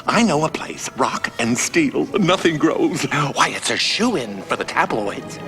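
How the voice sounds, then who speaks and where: A man voicing a scheming troll king in an animated film, sly and hushed. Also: on the high side, slow pace, echoey room, over music, exaggerated voice.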